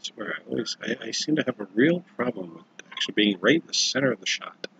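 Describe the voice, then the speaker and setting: A man's voice: medium pitch, lively intonation, quick pace, creaky, fairly bright tone, dull audio, a little hiss or hum. A man casually telling an improvised story on a livestream, rambling and self-correcting, with chatty asides to viewers.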